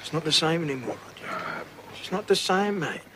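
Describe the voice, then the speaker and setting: An actor playing a blunt, mocking Sydney crook with an Australian accent, swearing freely in a TV crime drama. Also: male voice, a little high, sing-song, brisk, background noise. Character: hard, cocky Sydney crook in his forties. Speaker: criminal narrator and lead. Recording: music score underneath.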